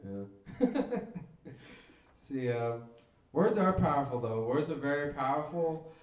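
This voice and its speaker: Dry deadpan guy doing stand-up, voice a bit high, echoey room. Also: takes it slowly. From Mexico. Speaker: stand-up comedian. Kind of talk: stand-up comedy set. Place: comedy club stage.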